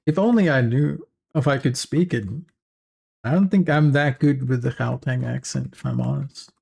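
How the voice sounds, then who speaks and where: A man with a South African accent, a native Afrikaans speaker, chatting casually on a livestream and reading chat aloud. He talks in a rambling way with halting restarts and frequent chuckles, and he sounds tired after a long session. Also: medium pitch, vocal fry, a little mellow, slightly rough. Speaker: streamer.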